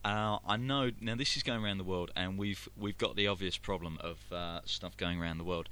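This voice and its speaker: A lower-voiced man with a London accent chats casually as the host of a live internet radio show. He rambles and restarts his sentences and fills the pauses with ums and uhs. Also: bright, forceful tone, clean tone. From London, England. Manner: rambling, many fillers and restarts.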